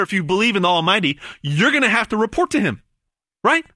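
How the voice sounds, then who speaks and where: A man delivering a hard-sell gold pitch with a lively, swooping voice that is bright and forceful. He hammers words over and over, stumbles on restarts, and stretches out big numbers for effect. The sound is close and dry. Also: no echo. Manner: emphatic, stammering repetitions, dramatic pauses on numbers. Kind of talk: hard-sell promotional monologue.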